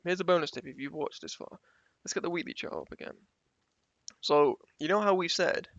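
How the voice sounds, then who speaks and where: A man's voice: on the high side, creaky, a bit bright, dry recording. A man giving a casual screen-share tutorial on forex trading, repeating key phrases for emphasis and checking in with the viewer. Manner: conversational, keeps checking in with the viewer. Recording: dull, slightly lo-fi sound.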